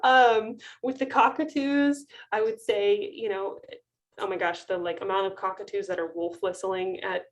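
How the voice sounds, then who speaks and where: A woman's voice: mid-range voice, fairly even intonation, moderate pace. A woman in her thirties, an avian veterinarian, telling funny clinic stories in a casual webinar talk over a video call, chatty, laughing often, with many ums and restarts.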